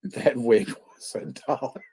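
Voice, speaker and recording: A man's voice: mid-range voice, slow, darkish tone, slightly rough. A man hosting a movie watch party stream, chatting casually, rambling, swearing a lot and laughing often. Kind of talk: casual livestream chat.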